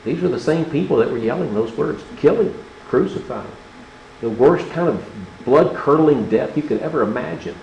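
A man's voice: medium pitch, animated, fairly quick, gravelly, a little mellow, dull audio, a little hiss or hum. A man preaching a sermon, impassioned and full of rhetorical questions to the congregation. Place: church. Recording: roomy church hall, faint ambience.

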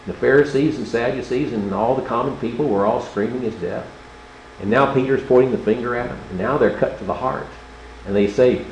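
A man's voice: mid-range voice, a little fast, creaky, darkish tone, highs cut off, slight background noise. Man preaching, fervent, rising and falling delivery, echoey church room with faint ambience. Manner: impassioned, rising and falling, rhetorical questions to the congregation. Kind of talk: sermon.

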